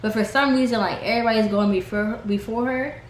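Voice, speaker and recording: A woman's voice: steady tone, a little fast. Young woman vlogger, casual reality-TV recap, chatty filler-heavy delivery, echoey room with faint hiss. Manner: chatty, heavy use of "like", mimics cast members in higher pitch. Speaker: reality TV reviewer.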